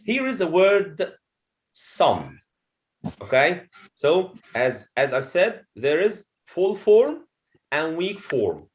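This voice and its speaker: A man teaching a pronunciation lesson to a classroom of students, explaining slowly, repeating each point and checking in with "okay?". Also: fairly high pitch, sing-song. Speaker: English teacher.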